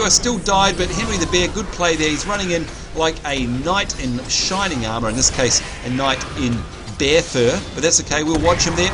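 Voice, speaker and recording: A man, co-hosting a live game stream and chatting excitedly to viewers. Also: fairly high pitch, normal speed, hardly any pauses, background noise. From New Zealand. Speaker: livestream co-host. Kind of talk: live gaming commentary. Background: game music.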